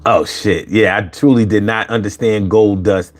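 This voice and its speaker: A man hosting a casual live chat, animated and profane, laughing often as he talks. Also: on the low side, normal speed. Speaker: livestream host reading chat.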